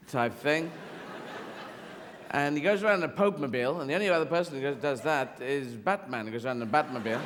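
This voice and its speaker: A man's voice: mid-range voice, brisk, a crowd in the background, background noise. An English man performing a rambling, digressive stand-up routine full of swearing, on a large theater stage. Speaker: stand-up comedian. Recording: reverberant live hall with ambience.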